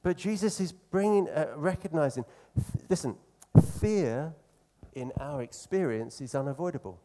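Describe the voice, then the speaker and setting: A man preaching a sermon in an earnest, conversational way, slowing down to stress key phrases. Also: a little high, expressive, dark tone, a little hiss or hum.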